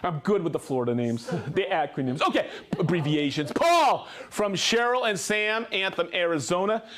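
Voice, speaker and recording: A man hosting a live tool show in casual chat, upbeat and laughing often as he reads out viewer shout-outs. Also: sits high, lively intonation, normal speed.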